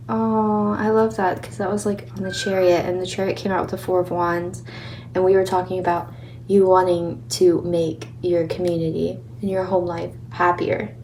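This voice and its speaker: A woman's voice: fairly low pitch, flat delivery, moderate pace, a little mellow, slight background noise. A young woman giving a casual tarot reading, chatty and encouraging, a little out of breath and laughing often. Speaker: tarot reader.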